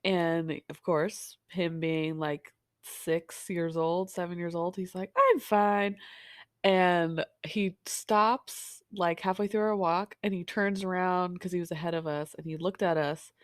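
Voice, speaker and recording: A woman's voice: fairly low pitch, a little slow, smooth, no room sound, clean studio sound. A woman in her thirties co-hosting a podcast, chatting casually with a stuffy, nasal voice from allergies and acting out family moments as she tells stories. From Oregon, US. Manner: animated storytelling, acting out family quotes. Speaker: podcast co-host. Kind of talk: casual chat.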